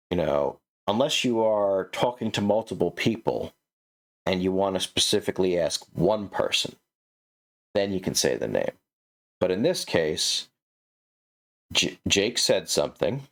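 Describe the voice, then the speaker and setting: Low-voiced man, snarky manuscript critic, chuckles and restarts constantly. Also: lively intonation, slow pace, pauses often. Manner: sarcastic, laughs often, stammers and restarts. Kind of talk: comedic writing critique.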